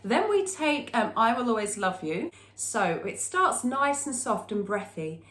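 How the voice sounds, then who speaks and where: A woman singing teacher talks through vocal technique at an unhurried pace, her speaking voice sitting a little high. She explains a point, then sings a short phrase to show it. The sound carries an echoey room around it. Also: very animated, a bit bright. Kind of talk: vocal lesson with sung demonstrations.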